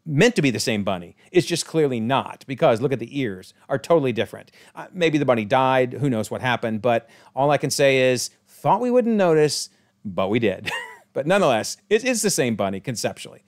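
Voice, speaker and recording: Animated, chatty male show recapper. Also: mid-range voice, moderate pace. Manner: chatty and enthusiastic, self-correcting. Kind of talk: casual episode breakdown commentary.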